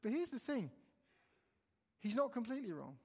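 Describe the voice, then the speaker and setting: A man's voice: very high-pitched, sing-song, normal speed, husky. A man preaching a sermon, telling a story animatedly and retelling the dialogue line by line. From England. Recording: long hall reverb.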